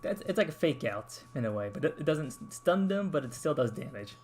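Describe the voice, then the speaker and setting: A man's voice: fairly high pitch, fairly quick, faint music behind. A man hosting a game stream in a casual, joking chat with viewers. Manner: lively, joking, talks to chat.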